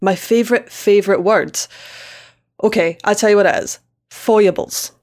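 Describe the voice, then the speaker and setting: A woman's voice: medium pitch, normal speed, a little mellow. A woman with a Scottish accent, chatting as a podcast guest in a bubbly, enthusiastic way and repeating words she likes. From Scotland. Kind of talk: casual chat.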